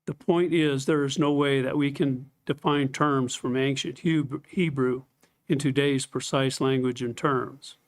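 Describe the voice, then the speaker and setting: A man teaching a scripted Bible study lesson, explaining things step by step, reading scripture aloud and clearing his throat now and then. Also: mid-range voice, steady tone, measured pace.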